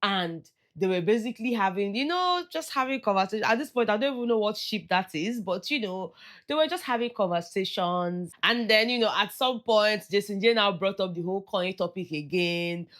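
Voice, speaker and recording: A woman's voice: mid-range voice, brisk, fairly bright tone. A woman with a Nigerian accent giving casual gossip commentary on a reality show, chatty and slipping into Pidgin asides. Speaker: entertainment vlogger.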